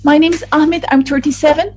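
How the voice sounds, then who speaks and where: A woman giving a live voice-over interpretation of a group discussion, speaking in a halting way with restarts and fillers. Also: high voice, steady tone, a little mellow, faint music behind, low-quality recording.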